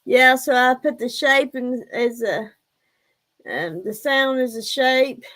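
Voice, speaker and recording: A woman's voice: high-pitched, slow, fairly bright tone. A woman chatting casually on a live stream, rambling and answering her viewers' comments.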